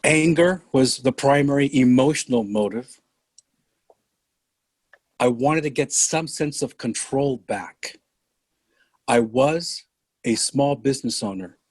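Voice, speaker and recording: An older man from San Francisco, talking as a guest in an earnest, reflective way. He speaks very slowly and deliberately, at a middle pitch. The sound is dry and close. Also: a little mellow, husky, dry recording. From San Francisco, California. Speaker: podcast guest. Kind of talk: reflective podcast conversation.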